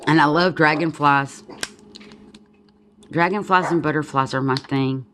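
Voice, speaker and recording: A Southern woman demonstrating journal-making at home has a deep, slightly bright voice and a measured pace, with a little hiss or hum present. She chats easily, thinking aloud and straying into asides.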